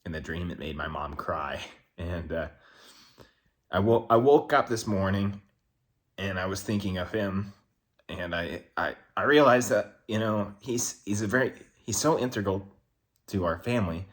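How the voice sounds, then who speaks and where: A man's voice: on the low side, normal speed. A man talking to the camera in a rambling, candid way, swearing often as he reflects. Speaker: vlogger. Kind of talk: casual reflective monologue.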